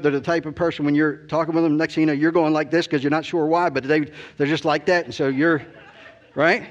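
A man's voice: a little high, lo-fi sound. A middle-aged man preaching by telling a story about himself, rambling and self-deprecating, with many "you know"s. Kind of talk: storytelling sermon.

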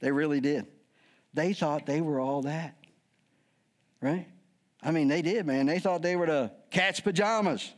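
A man's voice: fairly high pitch, a little slow, pauses often. A middle-aged man preaching a sermon as a pastor, joking and acting out voices as he goes. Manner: lively, joking, acts out quoted voices.

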